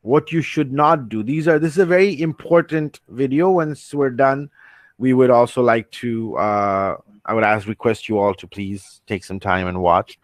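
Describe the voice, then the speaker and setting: A man's voice: medium pitch, normal speed, dry recording. A man leading an online training session, earnest and reassuring, who often restarts his sentences and reads out questions from the chat. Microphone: computer mic on a video call.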